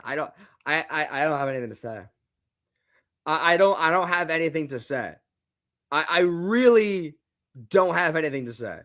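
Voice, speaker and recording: A man's voice: fairly high pitch, lively intonation, normal speed, long pauses, fairly bright tone. A young man hosting a live football reaction stream, exasperated and repeating himself, now and then swearing. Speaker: live game reaction host.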